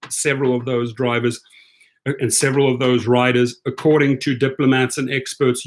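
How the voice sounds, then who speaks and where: A man hosting a rideshare commentary stream, sarcastic and heated as he reads and rants. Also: mid-range voice. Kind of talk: live-stream rant.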